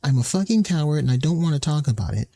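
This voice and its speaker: A man's voice: on the high side, animated, fast talker, mellow. A man streamer delivering a heated, swearing commentary rant that mocks the people he quotes.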